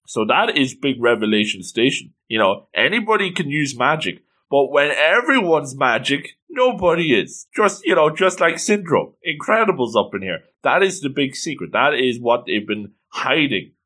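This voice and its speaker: A man giving casual, excitable commentary as he reads through a comic, with playful exclamations. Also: mid-range voice, moderate pace, few pauses. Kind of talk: casual read-along commentary.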